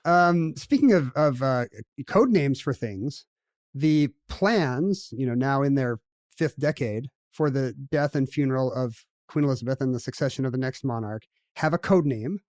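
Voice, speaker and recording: A man's voice: mid-range voice, lively intonation, moderate pace, a little mellow, no room sound, clean studio sound. A man co-hosting a podcast, chatting casually in a wry, joking, digressive way. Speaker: podcast co-host. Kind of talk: casual chat.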